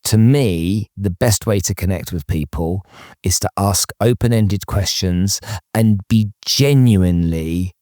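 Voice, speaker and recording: A man's voice: sits low, dark tone, dry recording, studio quality. A man hosting an interview podcast, talking emphatically with many restarts and checking in with "okay?". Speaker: podcast host. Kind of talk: casual interview chat.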